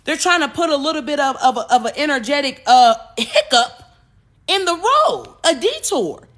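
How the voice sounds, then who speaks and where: A woman hosting a podcast, speaking. She talks in an animated way, repeating words and slipping into acted-out voices. Her voice is bright and sits fairly high. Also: moderate pace. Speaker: podcast host. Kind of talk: spiritual talk monologue.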